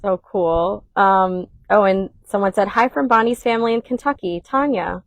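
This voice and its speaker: A woman's voice: mid-range voice, normal speed, no room sound. A woman interviewer on a hilltop outdoors, chatting casually, reading out viewer comments and reacting eagerly. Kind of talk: casual live chat.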